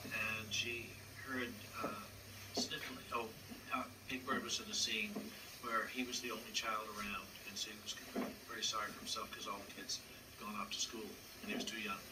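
A puppeteer telling stories in an interview, with a hesitant delivery full of fillers and acted-out voices. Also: male voice, fairly low pitch, level tone, a little fast. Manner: hesitant, frequent fillers, acts out voices in anecdotes. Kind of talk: storytelling interview. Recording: distant mic with background noise.

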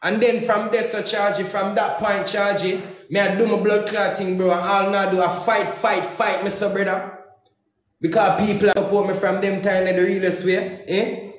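A man's voice: high voice, little pitch movement, moderate pace. A man with a Jamaican accent venting heatedly on social media, cursing and repeating himself as he speaks in Patois. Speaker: comedian and YouTuber. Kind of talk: angry social media rant. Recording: very echoey room.

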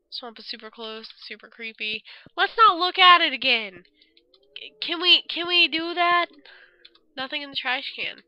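A young woman casually commenting as she plays a game, reacting loudly and swearing freely. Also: sits high, poor audio. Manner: expressive and swearing, reads dialogue aloud. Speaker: let's play gamer.

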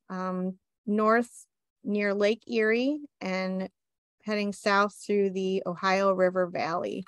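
A woman presents local history in a steady, informative way, speaking at a middling pitch. Now and then she drops in a light self-deprecating aside. The recording is dry and close, with no room sound. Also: no room sound. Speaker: library reference assistant.

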